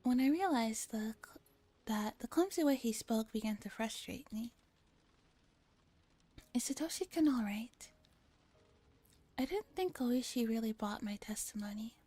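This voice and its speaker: A young woman streamer reading a visual novel aloud in a soft, steady whisper, her speech with a valley-girl lilt. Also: on the high side, measured pace, pauses often, no room sound. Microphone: close ASMR microphone.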